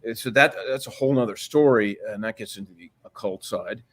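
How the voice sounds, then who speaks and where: His lowish voice runs a little fast and a bit bright as this man in his sixties spins a lengthy story for a podcast. The telling is profane and meandering, full of restarts.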